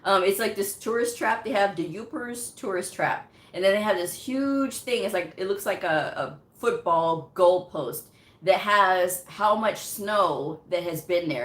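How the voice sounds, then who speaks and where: A woman's voice: mid-range voice, a little slow, roomy sound. A woman from Texas hosting a casual livestream, chatting and answering viewer comments with frequent laughter and fillers. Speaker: medical coding livestream host.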